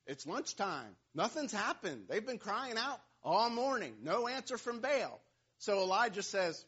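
A man preaches a sermon, retelling the story with playful asides and jokes. His voice sits a little high and sounds husky, and the recording is dull and lo-fi. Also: sing-song, moderate pace, a bit bright. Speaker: pastor.

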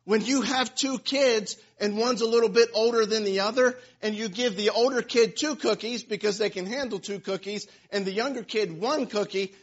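A male pastor preaching a sermon, retelling scripture in an animated, storytelling way. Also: high voice, moderate pace, hardly any pauses. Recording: dull lo-fi sound.

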